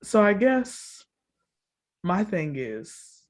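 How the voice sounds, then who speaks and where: Woman podcast co-host, casual storyteller, laughs a lot, acts out the quotes. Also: very slow. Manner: animated storytelling, acts out quotes with big pitch jumps; laughs often, fills with "like" and "all the things". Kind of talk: casual chat recapping a reality show.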